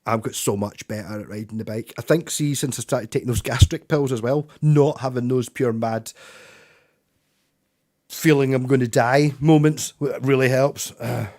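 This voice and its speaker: A man's voice: medium pitch, steady tone, normal speed, darkish tone. A man with a Scottish accent chatting casually with viewers on his livestream, rambling, swearing and chuckling. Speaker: livestreaming musician.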